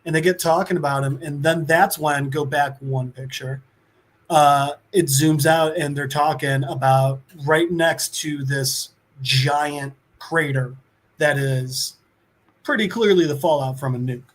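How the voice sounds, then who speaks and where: Brief: male podcast co-host, high-pitched, chatty and profane, loose comic book recap. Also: fairly even intonation, a little slow. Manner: rambling, profane, filler-heavy, acts out quotes.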